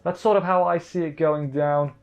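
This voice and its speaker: A man's voice: a little high, steady tone, normal speed. A man recapping an anime episode in a casual, rambling way, wry and full of fillers and restarts. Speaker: anime reviewer. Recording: dull lo-fi mic with faint music.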